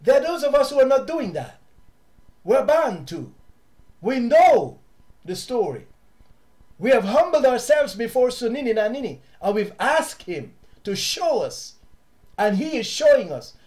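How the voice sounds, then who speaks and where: A man with a southern African accent teaching his audience in an impassioned, preachy way, sometimes loud and sometimes hushed. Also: very high voice, sing-song, a little slow. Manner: preachy, repeats words, shifts from loud to hushed. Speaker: online teacher and host.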